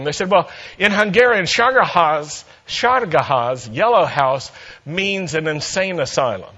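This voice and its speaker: A man's voice: on the high side, expressive, measured pace, bright, forceful tone, dull audio, slight background noise. A man preaching a sermon, telling a humorous personal story and acting out the dialogue with playful energy.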